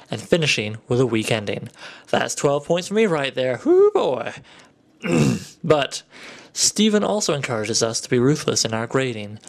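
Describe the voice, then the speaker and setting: A man vlogging to camera, explaining poetry exercises in a dry, self-mocking, playful way. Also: mid-range voice. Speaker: video blogger. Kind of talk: wry explanatory talk to camera.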